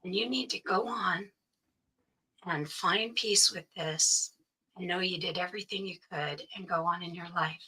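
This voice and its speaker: A woman, a guest in an interview, telling a personal story and acting out the voices of the people in it, often dropping to a hush. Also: on the low side, measured pace, husky, rough recording. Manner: acts out quoted voices, often drops to hushed tones.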